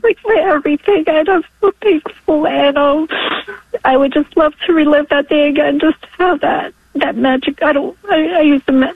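A woman in her forties calling in to a radio show, tearful and halting as she gives an emotional testimony. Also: high voice, no room sound. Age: 40s. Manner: halting, with apologetic laughs. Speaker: caller. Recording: dry tinny phone line.

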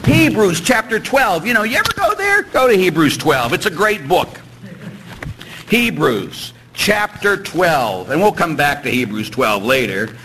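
A middle-aged man, a priest, preaching a sermon in an animated, joking way and acting out little dialogues. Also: fairly high pitch, unhurried, a little hiss or hum, rough recording.

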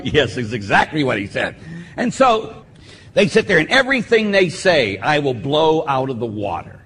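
A man's voice: medium pitch, fairly quick, husky. A man, a priest, preaching a homily and telling stories, acting out the voices of the people in them. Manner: lively storytelling, acts out voices of kids. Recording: long echoing hall reverb.

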